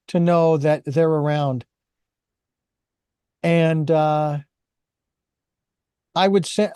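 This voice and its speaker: A man's voice: a little high, darkish tone, clear, resonant tone, dry recording, clean studio sound. A man hosting an interview, talking in a rambling, hesitant way with many restarts. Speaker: host.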